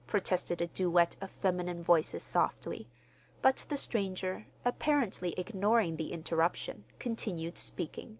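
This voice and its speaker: A woman narrating an audiobook in a measured, expressive reading. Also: fairly low pitch, dull audio. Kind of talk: scripted narration.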